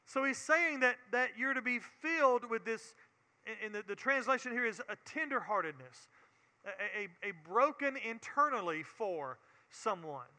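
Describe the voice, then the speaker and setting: A man's voice: extremely high pitch, expressive, normal speed, bright, forceful tone, in a large hall. A man with a Southern US accent teaching a Bible sermon in an earnest way, often repeating words and building to emphatic preaching.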